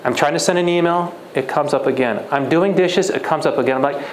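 A man's voice: fairly high pitch, a little fast, reverberant, slight background noise, rough recording. A young man, a guest speaker at a church retreat, telling a personal story in a conversational way and acting out the dialogue. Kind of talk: sermon storytelling.

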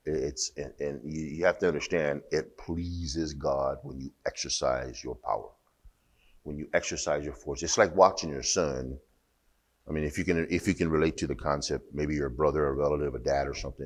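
A deep-voiced man preaching a sermon, talking to the congregation as if chatting. He drifts between low, loose asides and emphatic bursts of preaching. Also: fairly even intonation, brisk. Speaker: pastor.

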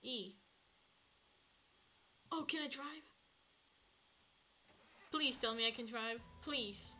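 Woman streamer, bright tone, slow unhurried delivery, chatty play-by-play, faint hiss behind. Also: on the high side. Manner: chatty, talks to herself, swings from hushed to excited. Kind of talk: casual gameplay commentary.

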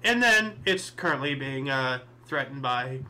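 A man's voice: medium pitch, lively intonation, a little slow, bright, forceful tone. A man hosting a history show, reading dates and thinking aloud in casual solo commentary with many fillers and asides.

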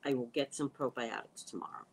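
A woman talks slowly and casually on a livestream, reading viewer comments and answering them in a chatty way. Her voice is low and husky, and her pitch rises and falls a lot. Now and then she drops into a whisper. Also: very animated, rough recording. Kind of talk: casual live chat.

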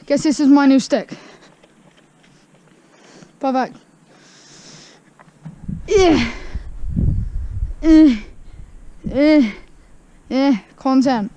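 A woman's voice: high-pitched, very slow, long pauses, mellow. A woman vlogging in a garden, chatting in a casual, self-mocking way and humming silly tunes. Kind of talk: casual vlog commentary. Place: outdoor garden.

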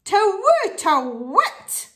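A woman's voice: very high voice, huge pitch swings, extremely slow, a bit bright, pitched above the performer's own voice, exaggerated voice. A woman doing a cross wise old owl. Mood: prim. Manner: prim, cross.

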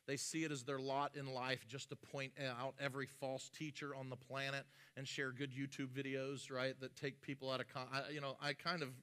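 A man's voice: medium pitch, level tone, normal speed, hardly any pauses, sharp tone, clean tone. A male pastor preaching a sermon in a conversational way, with joking asides and frequent restarts.

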